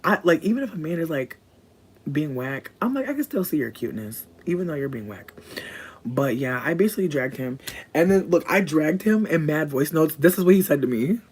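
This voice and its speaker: Husky, profane woman chatting on a livestream. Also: sing-song, fairly quick, a little mellow. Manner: profane, chatty, swings to high squeals. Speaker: livestreamer talking to viewers. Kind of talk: casual livestream chat.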